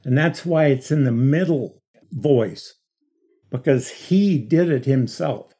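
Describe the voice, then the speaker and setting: A middle-aged man teaching a Bible study lecture, explaining slowly and stressing key words with emphatic repetition. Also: mid-range voice, animated, mellow, slightly rough.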